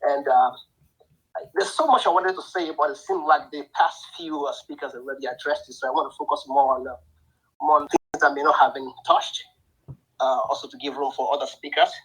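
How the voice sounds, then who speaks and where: A man's voice: on the high side, fairly even intonation, fairly quick, fairly bright tone, husky, rough recording. A man calling in to a discussion, hesitant and thinking aloud with many fillers. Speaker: caller. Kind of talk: casual discussion.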